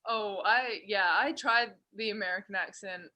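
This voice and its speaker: A young Australian woman talks in a casual interview, laughing now and then between thoughts. Her voice is bright and sits at a middle pitch. It comes through a video call. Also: normal speed. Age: young adult. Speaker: college basketball player.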